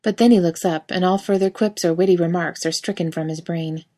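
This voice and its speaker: A woman's voice: on the low side, fairly even intonation, brisk, mellow. A woman narrating a story aloud in a wry, casual reading style. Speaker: reader.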